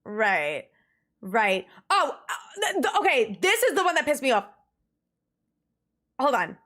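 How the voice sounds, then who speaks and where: A young woman chats with her stream viewers in a loose, casual way. Her voice sits a little high, and she rants in an exasperated, animated tone. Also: measured pace. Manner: animated, exasperated ranting with laughs. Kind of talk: casual livestream chat.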